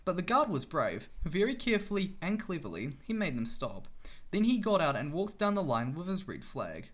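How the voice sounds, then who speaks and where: A man reading a children's storybook aloud in an expressive way. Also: on the high side, normal speed.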